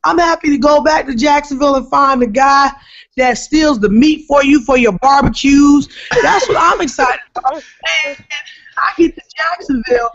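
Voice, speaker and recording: A woman comedian from New Jersey, telling an animated, emphatic story as a podcast guest. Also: sits high. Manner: animated, emphatic storyteller who shouts at the punchlines. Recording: dull lo-fi podcast recording.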